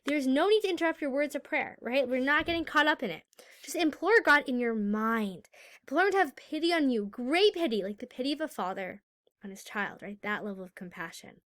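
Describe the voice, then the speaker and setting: A woman giving a casual spoken lesson on faith, chatty and animated, often tossing in "like" and asking "right?". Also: high-pitched. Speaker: Torah teacher.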